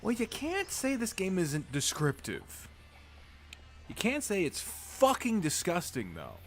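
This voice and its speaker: A man's voice: high-pitched, huge pitch swings, slow pace, slight background noise. A man casually commenting on a game during a live stream, joking, laughing and swearing freely.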